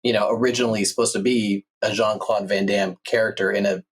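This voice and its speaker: A man's voice: fairly low pitch, steady tone, brisk, husky. A man hosting an interview podcast, speaking as an enthusiastic fan in casual chat. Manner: enthusiastic fan, laughs along. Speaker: podcast host.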